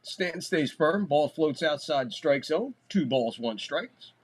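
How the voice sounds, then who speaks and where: With a fairly high, expressive voice, this host talks through a live baseball stream unhurriedly, offering casual play-by-play. His style is loose and chatty, full of swearing, and he grows loud on big plays.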